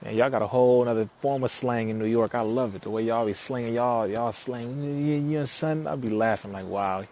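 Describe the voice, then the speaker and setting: A man from Compton, California, chatting casually on a live stream in an easy, mid-pitched voice. He keeps things lively, reading viewers' locations aloud and greeting them, and breaks into frequent laughter. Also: fairly quick, a little hiss or hum. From United States (Compton, California). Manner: lively, reads out viewers' locations and gives shout-outs; laughs often, with loud outbursts.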